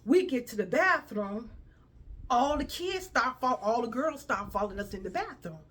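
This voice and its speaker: Woman, animated, profane, storytime vlog, slightly high voice. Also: moderate pace, breathy edge. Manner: animated, profane, addresses viewers as y'all. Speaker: vlogger. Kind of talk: casual storytelling to camera.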